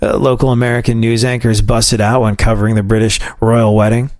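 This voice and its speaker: A man's voice: fairly low pitch, level tone, fairly quick, a little mellow, no room sound, studio quality. A man from New York with a New York accent, hosting a commentary show in a sarcastic, wry way. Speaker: host.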